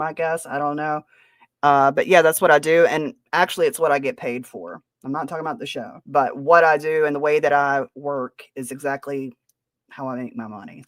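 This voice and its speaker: A woman's voice: deep voice, a bit bright, dry recording, clean studio sound. A woman hosting a podcast, talking casually in a sarcastic, defensive way. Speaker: podcast host. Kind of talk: casual chat.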